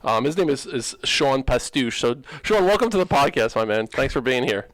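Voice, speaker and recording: A man hosting a podcast in an energetic, loose way, swearing casually and restarting his sentences. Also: mid-range voice, fairly quick, dry recording. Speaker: podcast host.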